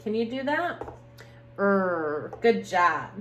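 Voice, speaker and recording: Slow sing-songy preschool teacher lady, echoey room, bit of hum. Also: very animated. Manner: slow, sing-song and encouraging, rising high on rhymes and praise. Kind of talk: video lesson for young children.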